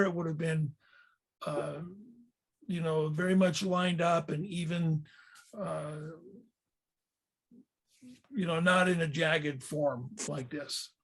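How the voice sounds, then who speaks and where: A man leading a Bible history lesson, explaining pictures in a measured way with frequent fillers and restarts. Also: high voice. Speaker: tour leader and teacher.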